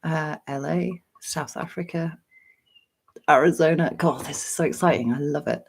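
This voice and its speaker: A middle-aged English woman hosting a casual live stream, greeting viewers by name and clearing her throat often. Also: low voice, moderate pace, a little hiss or hum. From England.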